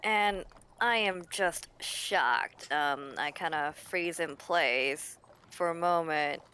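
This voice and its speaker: Slow, bright-voiced woman role-playing. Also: deep voice, slight background noise. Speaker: player. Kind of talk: in-character role-play narration.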